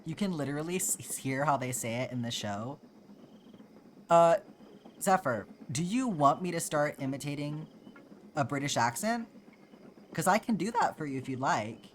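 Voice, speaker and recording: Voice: mid-range voice, animated, moderate pace, long pauses, slight background noise. Chatty streamer teasing the chat. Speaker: livestreamer. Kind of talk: casual livestream chat while crocheting. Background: background music.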